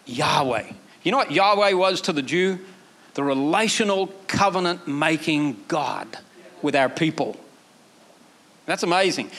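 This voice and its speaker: A man. He is animated and lifts his voice sharply when he acts out quoted prayers. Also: fairly high pitch, unhurried. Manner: animated preaching, acting out quoted prayers in a raised voice. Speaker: pastor. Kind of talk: sermon.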